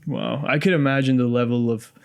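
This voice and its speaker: Male podcast host, mid-pitched voice, curious and easygoing interviewer. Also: steady tone, fairly quick, vocal fry, clean tone. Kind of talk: casual interview.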